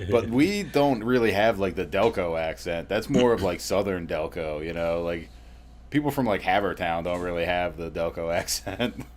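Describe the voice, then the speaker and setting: A man's voice: sits low, moderate pace, slight background noise. A young man making dry, wry remarks and explaining things at length in a casual podcast chat. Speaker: podcast co-host. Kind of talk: casual chat among friends.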